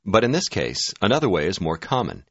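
A man giving scripted narration for a language course, prompting the listener in a clear, measured way. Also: low-pitched, wildly swooping pitch, a bit bright, no echo. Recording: dull, dry studio audio.

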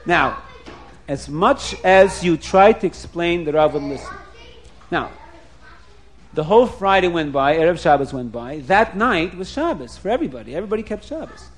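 A man telling a story in a lively, animated way, chuckling often and repeating words as he goes. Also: fairly high pitch, normal speed.

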